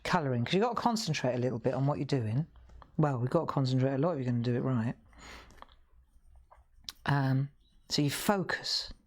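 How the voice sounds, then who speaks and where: A woman's voice: a bass voice, lively intonation, fairly quick, pauses often. A middle-aged woman hosting a live colouring demonstration, chatty and encouraging as she talks straight to viewers. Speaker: craft show host.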